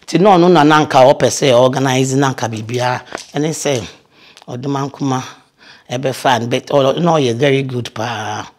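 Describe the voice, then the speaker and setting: An older veteran actress from Ghana, telling lively stories in a casual interview. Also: female voice, rumbling low, moderate pace, a little hiss or hum. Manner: lively storyteller, mixes in English phrases.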